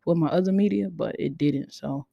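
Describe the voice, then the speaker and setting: A woman hosting a casual podcast, talking in a laid-back, near-monotone way and sounding tired. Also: low voice, normal speed, creaky, breathy edge, no room sound, lo-fi sound. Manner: self-described monotone, laid-back delivery. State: tired, sleepy. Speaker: podcast host. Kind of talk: casual chat.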